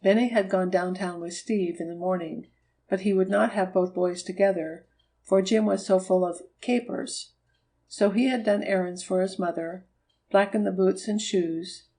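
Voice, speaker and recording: A woman narrating a children's storybook in an even, measured reading. Her voice sits at a middle pitch for a woman. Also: low-quality recording. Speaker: audiobook reader. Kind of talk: scripted narration.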